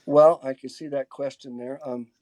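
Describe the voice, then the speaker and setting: Man, webinar speaker on a video call, mellow and dry, halting, stop-start answers. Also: mid-range voice, fairly even intonation, no room sound. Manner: halting, many restarts and fillers, reads out audience questions. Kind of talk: casual Q&A in a webinar.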